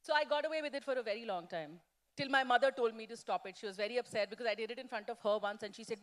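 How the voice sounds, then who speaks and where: A woman speaks from a festival stage, sharing candid anecdotes with a lively, self-mocking edge. Her voice sits fairly high for a woman. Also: very fast. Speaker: poet and actress, featured guest. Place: festival stage before an audience.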